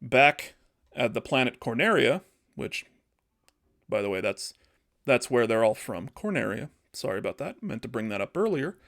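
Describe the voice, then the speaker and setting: Man animatedly pitching a story. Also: normal speed, vocal fry. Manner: animated, acting out characters. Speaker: podcast host.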